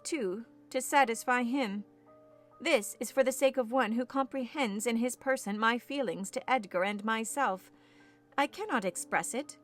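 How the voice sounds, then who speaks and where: Brief: fervent headstrong young woman, read by a woman narrator, higher-pitched, declaiming over faint music. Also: fairly bright tone. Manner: impassioned, declamatory. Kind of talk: audiobook character reading.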